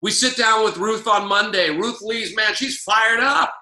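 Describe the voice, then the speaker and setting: Guy coaching network marketing, high voice, super bright, echoey room, keeps hammering lines. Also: a little slow. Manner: emphatic, preachy, repeats key lines. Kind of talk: motivational coaching call.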